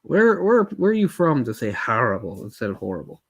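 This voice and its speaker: A man talks over a movie in loose, chatty live commentary, drifting into tangents and filling gaps with "like." He sounds a little under the weather and keeps swallowing between thoughts, at an ordinary, middling pitch. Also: very animated, brisk, creaky, a bit bright, husky. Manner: rambling, chatty, lots of asides and fillers. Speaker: streamer doing live film commentary.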